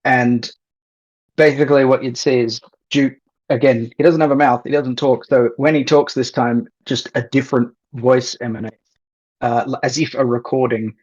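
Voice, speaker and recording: A man playing a tabletop game, hesitant with many pauses. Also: mid-range voice, fairly even intonation, a little mellow, slightly rough. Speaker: player. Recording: slightly muffled mic.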